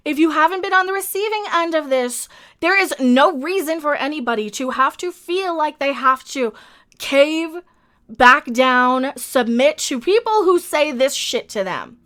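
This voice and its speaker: A woman delivers a fiery commentary rant in a high, bright voice. She hammers her points through repetition and swears freely. Her tone is emphatic and exasperated throughout. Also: animated, a little slow. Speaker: commentary channel host. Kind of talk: ranting video commentary.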